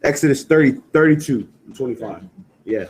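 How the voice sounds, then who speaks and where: A man's voice: mid-range voice, animated, brisk, rough recording. A man teaching a scripture class, firing questions back at his students and stressing key words in a call-and-response style. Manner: quizzing students with repeated questions, emphatic; peppers talk with "you know what I'm saying".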